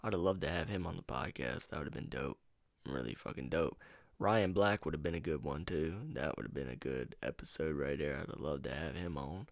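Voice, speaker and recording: Talking a little fast, this North Carolina podcast host delivers a loose, laid-back solo monologue full of profanity and wandering tangents. He records at home on a USB mic, so his low voice comes across close and dry with no echo from the room.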